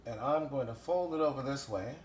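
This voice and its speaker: A man's voice: medium pitch, brisk, a little mellow, reverberant, slight background noise. A man hosting a casual home cooking show, talking chattily and enthusiastically with lots of fillers as he works in his kitchen.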